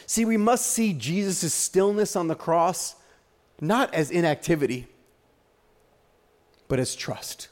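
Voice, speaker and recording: A man's voice: high voice, animated, unhurried. A male pastor preaching a sermon with dramatic rhetorical questions and repetition.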